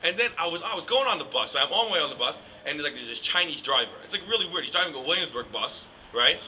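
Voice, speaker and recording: A man's voice: fairly high pitch, expressive, quick pace, bright, forceful tone, slight background noise, low-quality recording. A young man, rambling through a casual comic rant with many "like"s and "I mean"s. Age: young adult. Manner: rambling, joking, full of "like" and "I mean". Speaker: yeshiva student comic.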